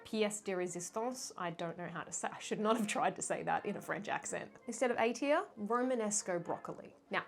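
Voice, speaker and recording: A woman's voice: mid-range voice, animated, fast, creaky, hardly any pauses. Playful self-mocking young woman vlogger. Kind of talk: casual chatty fashion ranking.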